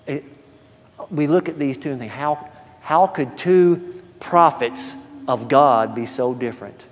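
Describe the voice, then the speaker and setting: A man preaching a sermon, telling a story in a folksy, animated way that swings from hushed asides to loud, emphatic quotes. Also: medium pitch, measured pace, slight background noise. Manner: folksy, repeats words at the start of phrases. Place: church sanctuary. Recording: long church-hall reverb.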